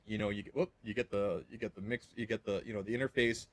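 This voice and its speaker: A man's voice: lowish voice, fairly even intonation, quick pace, dry recording. A man hosting a tech channel, demonstrating a mic setup in a loose, repetitive, casual way. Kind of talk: casual product demo.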